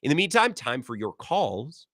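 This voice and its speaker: A man's voice: medium pitch, sing-song, moderate pace, bright, forceful tone, no room sound, clean studio sound. A man hosting sports talk radio, ranting sarcastically about his team.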